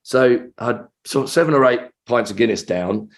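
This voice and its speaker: A man's voice: medium pitch, expressive, normal speed. A man, an actor guest, telling a rambling, self-interrupting story in a casual interview.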